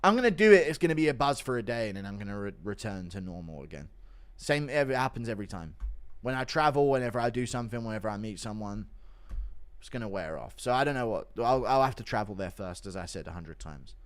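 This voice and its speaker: A man chats casually on a livestream and reads out viewer donations. He mumbles low and flat in a downbeat way, then his pitch leaps up into loud, swearing rants. His voice swings widely between those two modes. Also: quick pace, clean tone. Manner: swears freely. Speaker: streamer.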